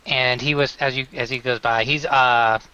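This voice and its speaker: Guy running a tabletop game, rambly, bright voice. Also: medium pitch, steady tone, normal speed, clean tone, lo-fi sound. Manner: rambling, many fillers and restarts. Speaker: game master.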